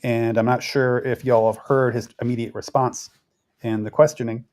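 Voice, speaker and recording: A man's voice: medium pitch, flat delivery, moderate pace, a little mellow. Rambling man talking politics. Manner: rambling, conversational, frequent restarts and fillers. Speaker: political commentary host. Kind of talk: casual political commentary.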